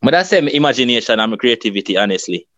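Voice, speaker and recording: A Jamaican man guesting on a podcast, talking in quick, relaxed patois. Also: mid-range voice, no echo. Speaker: guest skit creator. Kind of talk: casual interview chat. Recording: dull, dry sound.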